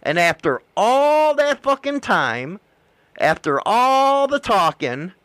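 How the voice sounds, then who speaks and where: A man's voice: sits high, big pitch swings, takes it slowly, a bit bright, dry recording. A man in casual chat, ranting bluntly and swearing constantly. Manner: blunt, heavily profane ranting.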